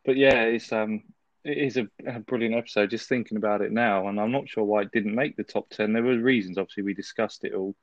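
A man's voice: on the low side, fairly even intonation, fast talker, no echo, muffled recording. A man chatting casually on a podcast, easygoing, laughing and swearing freely. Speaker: podcast co-host. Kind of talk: casual chat.

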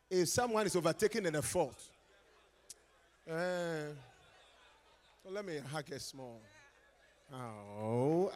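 A Ghanaian man preaching a lively conference sermon, teasing his listeners and swinging from quiet asides to shouted calls. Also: high-pitched, in a large hall. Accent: Ghanaian English. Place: large conference hall.

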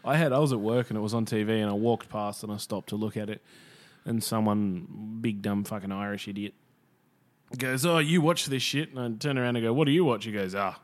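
A man co-hosting a casual chat, quick with banter and sweary asides. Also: lowish voice, fairly even intonation, darkish tone.

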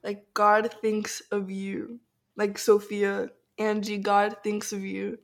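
A congested young woman co-hosting a faith podcast, talking earnestly and excitedly in a casual, slangy way. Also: medium pitch, slow. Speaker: podcast co-host.

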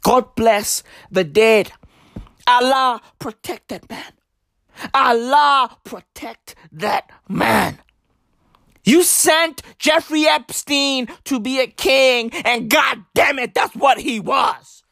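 A woman doing a satirical comedy rant, loud and profane, often bursting into mock-outraged shouts and heavy street slang. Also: sits high, takes it slowly, gravelly, dry recording, clean studio sound.

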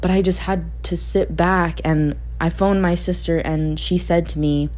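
A young woman with a low voice speaks candidly in a reflective personal monologue. She thinks aloud, restarts her sentences and laughs easily as she goes. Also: fairly even intonation, measured pace, darkish tone. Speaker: podcast host.

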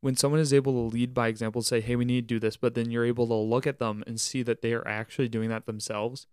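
A man's voice: medium pitch, flat delivery, fast talker, a little mellow, clear, resonant tone, no echo, studio quality. A young man co-hosting a podcast, talking earnestly about camp staff, leading by example and faith in everyday life. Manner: earnest, preachy, uses church wording. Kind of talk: casual reflective podcast chat.

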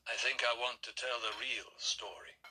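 A man voicing a centuries-old male vampire in an audiobook, speaking softly and slowly, often in a whisper. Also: mid-range voice, level tone, breathy edge, poor audio. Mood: brooding. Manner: soft, slow, often whispered. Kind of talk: audiobook character reading.

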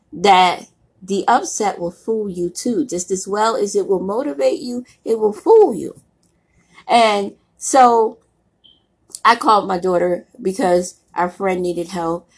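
A woman's voice: medium pitch, takes it slowly, a little mellow, slightly rough. A middle-aged woman with a cold giving a blunt, casual motivational talk, preaching in everyday slang. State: voice roughened by a cold. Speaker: motivational speaker.

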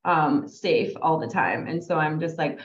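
A woman hosts a podcast in easy, chatty conversation. Her voice sits a little low but jumps high whenever she quotes herself. The sound is echoey and dull, with a muffled lo-fi quality. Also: animated, unhurried. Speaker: podcast host. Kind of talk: casual conversation.

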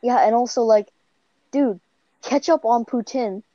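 A woman's voice: fairly high pitch, a little slow, mellow, no room sound, highs cut off. A young woman with a Canadian accent, chatting casually and rambling, filling her talk with "like" and "bro.". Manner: rambling, heavy use of "like" and "bro". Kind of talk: casual chat.

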